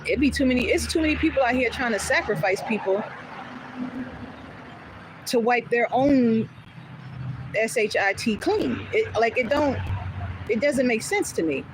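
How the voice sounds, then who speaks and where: A woman's voice: a little high, moderate pace, long pauses, background noise. A woman hosting a casual livestream, talking bluntly and candidly, with occasional swearing and laughter. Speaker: livestream host.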